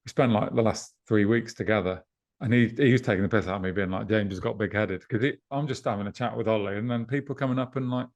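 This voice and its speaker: A man co-hosting a podcast over a video call, talking in a relaxed, reflective way and reading out listener questions. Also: lowish voice, quick pace. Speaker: podcast co-host and festival promoter.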